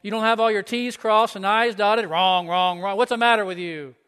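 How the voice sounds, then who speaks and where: A man preacher voicing Jesus as an adult man loudly scolding a doubting disciple with blunt, repeated rebukes. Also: high voice, fairly even intonation, moderate pace, clear, resonant tone, in a large hall.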